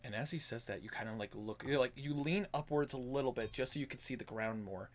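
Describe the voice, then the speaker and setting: A man's voice: medium pitch, fast. A man narrating a tabletop game as game master over voice chat, loose and rambling with many fillers. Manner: loose narration full of "like" and restarts. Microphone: online voice call.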